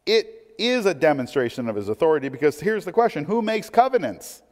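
A man preaching a sermon, swinging between emphatic points and hushed, conversational asides. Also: fairly high pitch, sing-song, brisk. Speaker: pastor. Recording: long hall reverb.

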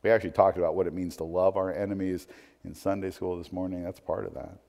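A man preaching a sermon, swinging between emphatic points and hushed, conversational asides. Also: sits low, flat delivery, fast talker, gravelly. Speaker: pastor. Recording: long hall reverb.

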